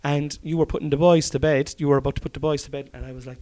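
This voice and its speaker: A man's voice: fairly high pitch, fairly even intonation, racing, hardly any pauses, dark tone. An Irish man, a comedian hosting a podcast, chatting casually at home, swearing often and rambling. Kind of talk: casual chat. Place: study by an open fire at home.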